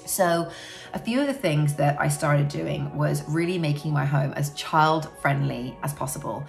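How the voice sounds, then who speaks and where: Woman, low voice, gravelly fry, candid parent vlog, reflective, frank, filler-heavy talk. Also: normal speed, faint music behind. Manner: reflective, frank, many "you know" fillers. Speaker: parent sharing personal experience. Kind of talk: candid personal talk to camera.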